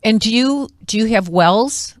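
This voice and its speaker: A woman's voice: on the high side, animated, unhurried, no echo. Eager woman host asking questions, dry sound. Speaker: talk show host. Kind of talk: casual interview chat.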